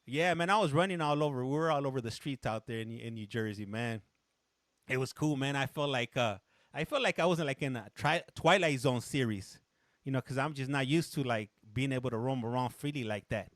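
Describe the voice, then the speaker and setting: A mid-range male voice, fairly quick, comes through a dry, studio-quality recording. He's running a casual stream and telling a rambling story, frequently interrupting himself to say hi to viewers and reply to their chat, sometimes switching briefly to Spanish.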